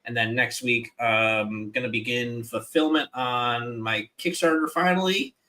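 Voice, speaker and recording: A man in a casual livestream chat, talking in an animated way that stumbles over restarts. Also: mid-range voice, measured pace. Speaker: guest artist.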